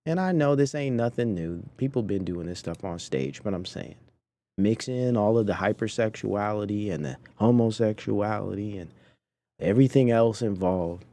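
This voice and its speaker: A man's voice: lowish voice, lively intonation, normal speed, dark tone. A man hosting a podcast, giving indignant, preachy commentary on video clips and talking to his chat. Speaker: podcast host.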